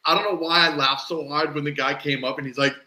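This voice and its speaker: Bright-voiced man in an echoey room. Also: on the high side, fairly even intonation, fast. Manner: laughing, swearing banter. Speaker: podcast co-host. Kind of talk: casual review chat.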